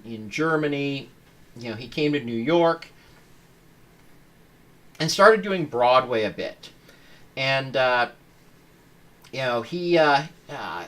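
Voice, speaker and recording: A man hosting a live-streamed podcast, talking casually in a halting, rambling way with lots of fillers. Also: medium pitch, a bit bright. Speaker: podcast host.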